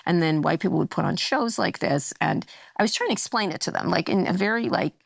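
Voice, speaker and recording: A gravelly-voiced woman in her sixties, blunt and a bit profane, tells a family story in relaxed podcast talk. She slips into the voices of the people she quotes, her pitch swinging widely. The sound is dry and close, with no room around it. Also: brisk, dry recording. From United States. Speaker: podcast guest. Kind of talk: casual chat.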